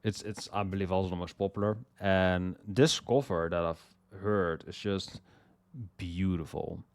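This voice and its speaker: A young man casually talking through his favorite songs, rambling, repeating words and swearing as he gets excited. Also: low-pitched, a little slow, no room sound. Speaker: music list host. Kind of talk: casual music commentary.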